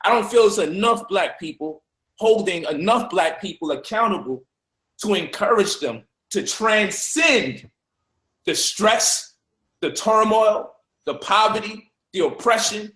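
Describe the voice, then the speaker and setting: A man arguing forcefully in a heated discussion, preaching and swearing freely. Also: sits high, lively intonation, a little slow, echoey room. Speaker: speaker in a debate.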